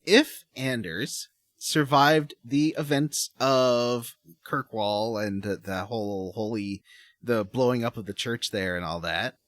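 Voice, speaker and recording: A man's voice: mid-range voice, slow pace, fairly bright tone, no room sound, studio quality. A man co-hosting a podcast, asking hesitant, playful questions in casual chat. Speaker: podcast co-host.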